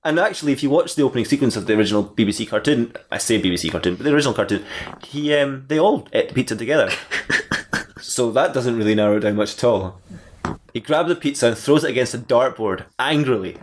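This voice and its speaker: Podcast co-host, man, rambling comic storyteller with mid-range pitch. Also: lively intonation, quick pace, a little hiss or hum. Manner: rambling, joking, laughing at his own story. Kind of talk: reading comic fan fiction aloud.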